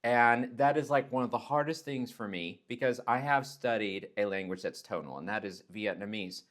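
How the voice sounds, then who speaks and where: A man's voice: mid-range voice, normal speed, fairly bright tone. A man from Texas, talking casually in a vlog and acting out word pronunciations with exaggerated tones. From Texas, United States. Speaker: nurse vlogger.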